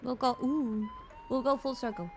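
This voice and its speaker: A young woman from Europe streaming a driving game, excitable and swearing often, breaking into shouts. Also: fairly high pitch, moderate pace. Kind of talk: live gameplay commentary. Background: game music.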